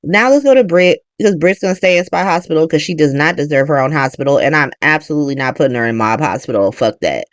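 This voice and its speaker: A woman's voice: lowish voice, no echo. Brief: a woman host with a slangy, profane recap style and a dry, close sound. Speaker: soap opera recap host. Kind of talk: casual recap monologue.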